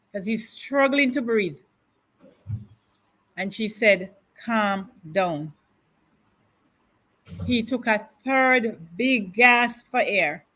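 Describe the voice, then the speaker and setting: A woman being interviewed, slowly and deliberately recounting a painful loss in grief. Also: on the high side, pushed and bright. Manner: slow, grieving, deliberate retelling with repetition. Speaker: widow of a councillor, guest. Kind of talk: emotional interview testimony.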